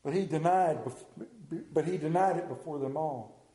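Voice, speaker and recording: Folksy high-voiced country preacher, echoey room. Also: male voice, normal speed. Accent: rural Southern American. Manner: folksy, animated storytelling with dramatic quiet drops. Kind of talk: sermon.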